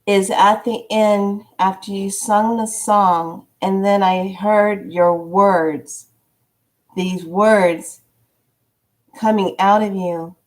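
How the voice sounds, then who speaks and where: A heartfelt woman stranger , as a woman storyteller voices her, confides slowly and earnestly. Her words come haltingly, as if she were still searching for them. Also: medium pitch, fairly even intonation. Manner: slow, heartfelt, searching confession.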